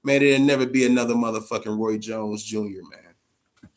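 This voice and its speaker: This boxing channel host has a lowish voice and a moderate pace as he chats on a live stream. Full of energy and cursing, he drops "man" at the close of nearly every phrase.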